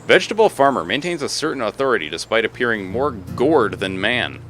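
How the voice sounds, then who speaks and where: A man's voice: mid-range voice, big pitch swings, a little fast, background noise. A man streaming a video game, reading its text aloud and reacting with jokes and frequent swearing. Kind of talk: casual gaming commentary.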